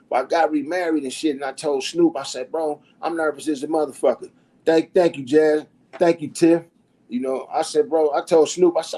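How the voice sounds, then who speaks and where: A middle-aged man, a podcast guest, telling stories in a loud, profane, animated way and acting out the people he quotes. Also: a little high, normal speed, poor audio. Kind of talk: casual storytelling.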